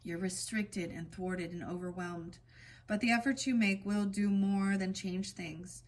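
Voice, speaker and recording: A woman reading oracle cards in a casual spiritual vlog, switching between slow, gentle card readings and rambling chatty asides. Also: medium pitch, steady tone. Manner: reads card meanings in a soft, slow cadence.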